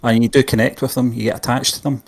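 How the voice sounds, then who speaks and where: A man's voice: medium pitch, level tone, fast, gravelly, husky. Blunt, jokey male podcast co-host. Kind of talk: casual film review chat.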